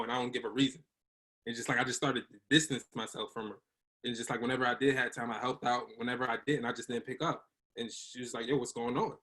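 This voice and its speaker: Young man, casual slang, personal story, medium pitch, acts out voices. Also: pushed and bright.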